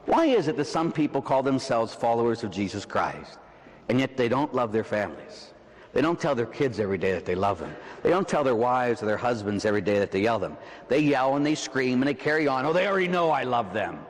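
Pittsburgh priest, conversational preacher, lively sweeping pitch, long church reverb. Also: male voice. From Pittsburgh, USA. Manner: slows and drops low for emphasis, then rises; conversational, tags "huh?" and "right?". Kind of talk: evening sermon with personal stories.

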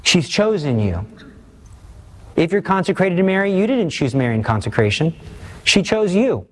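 An earnest man preaching a sermon, his voice sitting a little higher than most men's. He pleads with his listeners and presses them with pointed questions. He slows down deliberately to drive each point home. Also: big pitch swings. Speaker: Catholic preacher.

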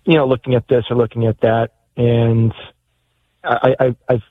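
A man calling in to a talk show, speaking hesitantly with many pauses and restarts, heard over a phone line. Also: medium pitch, level tone, no echo. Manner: hesitant, lots of ums and restarts. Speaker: caller. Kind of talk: phone-in conversation.

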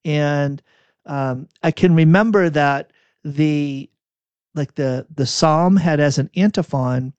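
A preacher telling chatty, self-deprecating anecdotes in a sermon. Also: male voice, on the high side, slow pace, a little mellow, smooth, dry recording. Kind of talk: storytelling sermon. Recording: dull, dry lo-fi recording.

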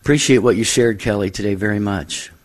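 A man co-hosting a call-in radio show, speaking earnestly and gently. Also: lowish voice, brisk.

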